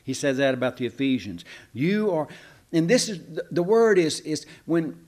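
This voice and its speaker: A man preaching a sermon in a folksy, animated way, with sarcastic asides to the congregation. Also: fairly high pitch, normal speed. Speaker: pastor.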